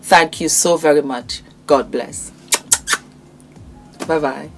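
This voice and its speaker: Woman vlogger, low register, warm sales patter full of endearments, faint background music. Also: unhurried. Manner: warm, affectionate, calls viewers darling; emphatic, repetitive sales patter. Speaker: vlogger presenting her own brand. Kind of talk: product showcase to camera.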